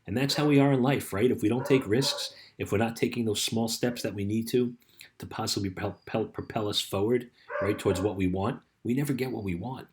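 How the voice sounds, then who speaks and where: Low-voiced man giving a casual coaching talk. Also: fairly quick, background noise. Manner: storytelling, frequent "right?" and "you know" fillers. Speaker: life coach.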